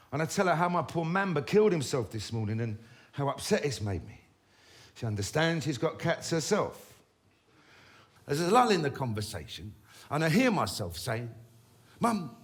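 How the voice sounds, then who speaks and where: A man, telling comic stories about his own life in a wry, swearing, animated manner. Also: medium pitch. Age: 50s. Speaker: storyteller. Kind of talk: comic autobiographical storytelling.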